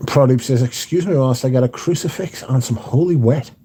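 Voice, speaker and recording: A man's voice: medium pitch, fairly quick, mellow, a little hiss or hum. A man hosts a livestream from home, reading out viewers' chat and bantering back in a laid-back way with casual swearing. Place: indoors at home.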